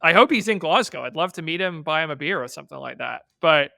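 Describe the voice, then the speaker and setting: A man from Boston co-hosting a podcast in casual chat, thinking out loud and hedging with "I mean" and "like". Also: on the high side, lively intonation, fast talker, creaky, no room sound, clean studio sound. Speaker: podcast co-host.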